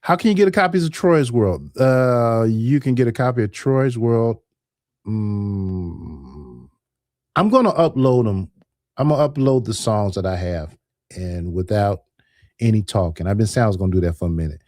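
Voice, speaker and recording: A man's voice: on the low side, lively intonation, moderate pace, a little mellow, no echo, clean studio sound. A man hosting a call-in radio show, laid-back and agreeable with his callers.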